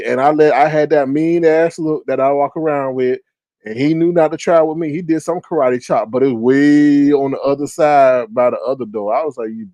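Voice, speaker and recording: A man hosting a live stream, telling funny stories in a casual, profane, streetwise way and jumping into loud, high exclamations when he retells his reactions. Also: no echo. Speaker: livestream host. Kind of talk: casual storytelling to a live chat.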